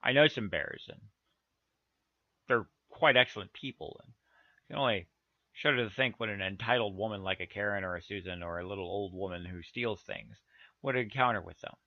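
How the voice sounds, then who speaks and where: A man's voice: fairly low pitch, a little fast, no room sound. A man reading a children's story aloud with playful asides to his listeners. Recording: dull, dry lo-fi recording.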